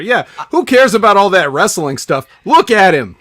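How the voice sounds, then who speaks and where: A man's voice: high-pitched, very animated, normal speed, few pauses, a bit bright, dry recording. A man co-hosting a wrestling podcast, reading listener comments in a laid-back, casual way.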